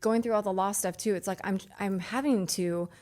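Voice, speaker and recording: A woman podcast host in her thirties talks earnestly and haltingly, often restarting her sentences. Her pitch sits in an ordinary middle range. The talk is casual and heartfelt. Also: a little mellow.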